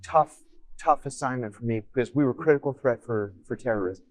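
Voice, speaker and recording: A middle-aged man recounts an old episode in an easy, animated storytelling manner, slipping into other people's voices as he goes. His voice sits at an ordinary pitch, recorded close and dry with no room around it. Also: fairly quick, no room sound. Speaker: former intelligence officer guest. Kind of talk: casual storytelling in a podcast interview.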